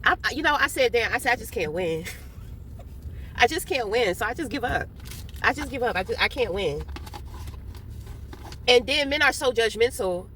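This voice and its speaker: A young woman speaks straight to her audience in a loose, unscripted monologue, swearing freely and breaking into laughter often. Her voice sits a little high and rings bright and sharp. Now and then she talks around a mouthful of food. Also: expressive, normal speed, pauses often, a little hiss or hum. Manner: candid, profane, laughs often; talking while eating and drinking. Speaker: vlogger. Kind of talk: casual monologue.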